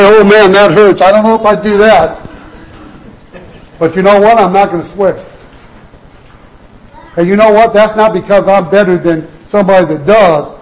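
A man preaching a sermon, exhorting his listeners with repeated phrases and dropping slower and quieter on key points. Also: high voice, rough recording. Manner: earnest exhortation with repeated "you've got to" phrases.

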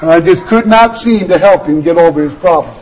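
A man with a notably high-pitched voice delivers an earnest sermon. He presses his points through repetition and sinks slower and softer when he wants them to land. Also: highs cut off. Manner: earnest exhortation with repeated "you've got to" phrases; slows and drops quieter on key points. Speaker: preacher.

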